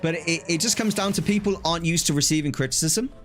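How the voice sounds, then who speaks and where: A man's voice: fairly high pitch, fast talker, fairly bright tone, soft background music. A young man chatting casually on a live stream, telling stories animatedly, acting out quoted exchanges and laughing often.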